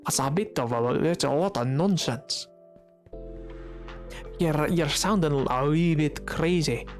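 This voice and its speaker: A man streaming a game who chats quietly with his viewers, joking along in a playful put-on Scottish-Irish accent. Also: a little high, slow pace, faint music behind. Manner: talking quietly, resting his voice. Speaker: Minecraft streamer. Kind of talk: casual livestream chat while gaming.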